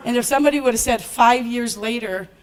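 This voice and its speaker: A woman giving a lively talk at a business event, laughing often and acting out what people said to her. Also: on the high side, a little fast, rough recording. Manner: animated, laughs often, acts out quotes. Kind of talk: motivational stage talk with storytelling. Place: event stage before a live audience.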